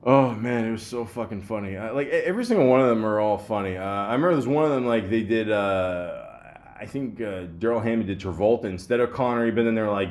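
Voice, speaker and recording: Man from Canada, podcast host, rambling, laughs a lot, slightly low pitch. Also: fairly quick, darkish tone. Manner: rambling, laughing often, heavy on fillers. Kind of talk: casual chat.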